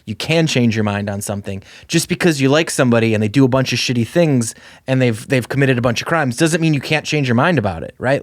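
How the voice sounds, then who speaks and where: A man in his thirties co-hosting a podcast, talking in a loose, animated, rambling way with lots of fillers. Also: mid-range voice, fast, no room sound, studio quality. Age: 30s. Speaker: podcast co-host. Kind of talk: casual chat.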